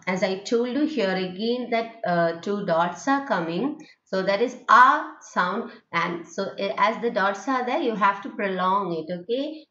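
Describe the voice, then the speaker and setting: Slow-paced Indian English woman teaching. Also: medium pitch, a bit bright, echoey room, muffled recording. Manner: slow, drawn-out modelling of vowel sounds with frequent "okay?". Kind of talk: lecture on English phonetics.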